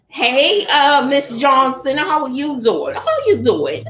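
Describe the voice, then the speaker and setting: Her voice is high and a bit bright, with a roomy sound to it. A middle-aged woman from Texas, she chats casually with viewers on a livestream from home via phone or computer, laughing a lot and calling them honey and child.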